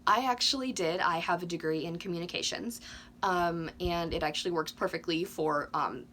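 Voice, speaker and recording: A woman in her twenties chatting casually to camera with lots of ums, a little hoarse from losing her voice. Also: lowish voice, moderate pace, a bit bright, slight background noise. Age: 20s. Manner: chatty, frequent ums, candid. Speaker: doll collecting YouTuber.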